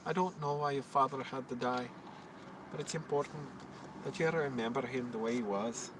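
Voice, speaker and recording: A man putting on a gentle Irish consoler. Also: mid-range voice, moderate pace, natural voice. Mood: consoling. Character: consoling Irish man speaking to a bereaved boy. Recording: distant mic with traffic noise.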